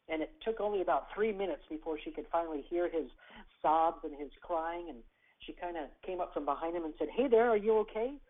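Animated storyteller over a tinny phone line. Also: mid-range voice, slightly rough. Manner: acts out quoted characters, varies loudness and pace. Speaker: radio guest telling a story. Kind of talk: animated storytelling on a call-in show. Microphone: telephone.

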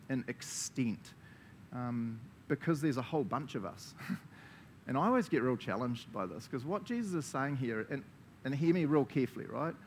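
Animated New Zealand preacher man. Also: mid-range voice, a little hiss or hum. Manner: animated, laughing, acts out quoted voices. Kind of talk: sermon.

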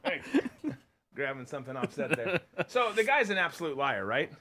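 A man's voice: on the high side, very animated, moderate pace, pushed and bright. A man co-hosting a podcast, ranting bluntly and sarcastically in political commentary. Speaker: podcast co-host.

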